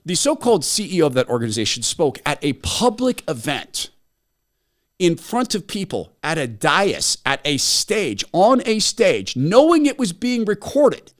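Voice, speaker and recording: A man hosting a talk show, his fairly high voice swinging widely in pitch. He speaks in a sarcastic, emphatic and mocking manner. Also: huge pitch swings, moderate pace. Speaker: host. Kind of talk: opinionated talk radio monologue.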